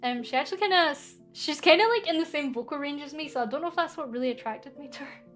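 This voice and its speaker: This is a young woman with a Scottish accent hosting a casual question-and-answer stream. Her voice sits high, and she rambles from one thought to the next with easy self-deprecation. Soft music plays faintly underneath. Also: fast talker. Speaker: VTuber streamer.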